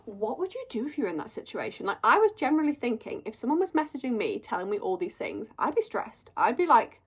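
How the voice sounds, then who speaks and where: A woman's voice: fairly high pitch, sing-song, fast talker, husky. A young woman chatting casually through a monthly reading wrap-up, gushing and storytelling with lots of "like". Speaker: book reviewer.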